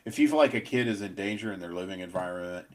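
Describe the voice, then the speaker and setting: A man's voice: sits low, a little hiss or hum. Rambling, blunt middle-aged man. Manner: rambling, halting restarts, blunt and profane. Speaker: pest control podcast co-host. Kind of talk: casual podcast chat.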